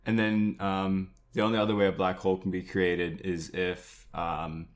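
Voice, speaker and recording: Low voiced young dude cracking dry jokes on a podcast. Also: male voice, level tone, moderate pace. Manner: dry, sarcastic banter. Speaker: podcast co-host. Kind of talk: casual political chat.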